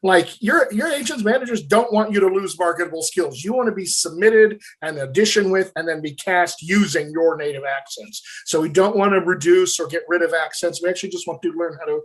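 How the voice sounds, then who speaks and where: An energetic man explaining work to actors in an interview. His voice sits a little high, and he talks straight to the viewer in a friendly, coaching way. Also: fairly quick, hardly any pauses. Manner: animated, addresses viewers as "my friends". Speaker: dialect coach. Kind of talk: enthusiastic interview talk.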